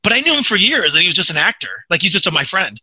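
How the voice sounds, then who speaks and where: A man hosting a podcast, chatting and telling stories in a quick, animated way. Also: sits high, husky, poor audio. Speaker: podcast host. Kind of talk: casual chat, storytelling.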